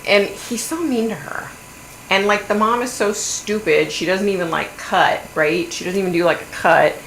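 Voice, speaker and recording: A middle-aged woman hosting a livestream, chatting in a blunt, animated way and swearing now and then. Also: medium pitch, moderate pace. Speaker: livestream host. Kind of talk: casual gossipy chat. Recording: echoey room, faint hum.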